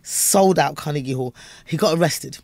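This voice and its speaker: Animated Cockney woman comedian telling stories. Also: deep voice, moderate pace, no echo. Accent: London Cockney. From London, England. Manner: animated storyteller, acts out voices. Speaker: comedian guest. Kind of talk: interview chat.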